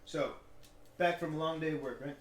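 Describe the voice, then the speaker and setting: A man's voice: fairly high pitch, steady tone, brisk, roomy sound. A young man co-hosting a podcast, playful and laughing, spinning silly scenarios. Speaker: podcast co-host. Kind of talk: casual chat.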